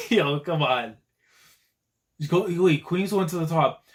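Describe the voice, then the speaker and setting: Excitable man reacting to a manga chapter. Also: a little high, slow. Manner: excitable and slangy, with frequent exclamations. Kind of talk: live reaction commentary.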